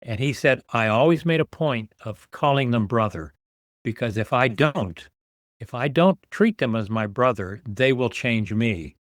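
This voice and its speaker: A man's voice: mid-range voice, animated, measured pace, no room sound, studio quality. A man in his sixties, a podcast guest, telling his story earnestly and repeating words as he builds each point. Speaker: guest, author and nonprofit founder.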